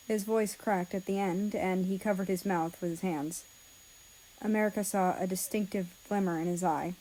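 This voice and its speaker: A woman narrating a story aloud in a soft, even manner. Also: medium pitch, normal speed, a little hiss or hum, poor audio. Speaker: story reader.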